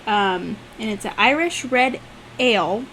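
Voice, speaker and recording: A woman's voice: on the high side, expressive, a little slow, a bit bright, a little hiss or hum. A woman co-hosting a podcast, chatting casually and laughing easily while tasting beer. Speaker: podcast co-host.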